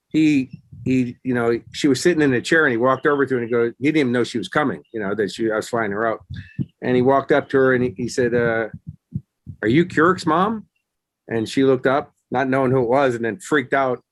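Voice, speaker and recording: Dry-sounding man telling animated stories. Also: medium pitch, fairly quick, no room sound. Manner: animated storyteller acting out quotes. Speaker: guest, actor and success coach. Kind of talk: casual interview storytelling.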